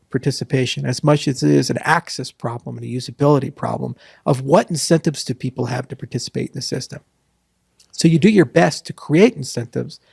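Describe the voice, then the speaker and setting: A man answers interview questions in a gravelly, husky voice, running through lists and dropping sarcastic asides. The sound is dry and close, with no room around it, and his pitch sits in the middle. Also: a little mellow, no room sound. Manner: rambling, sarcastic asides, lists points quickly. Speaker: interview guest. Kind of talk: casual interview talk.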